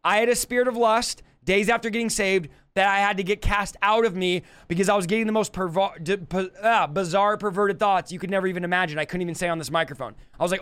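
High, smooth-voiced emphatic male preacher. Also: quick pace, hardly any pauses, fairly bright tone. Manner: emphatic, repetitive exhortation. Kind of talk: live teaching sermon.

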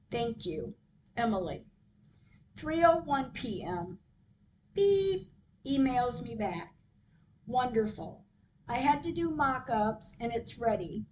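A woman hosting her own podcast, reading her diary entries aloud in a slow, measured way. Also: fairly high pitch, a little mellow, slight background noise, rough recording. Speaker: podcast host.

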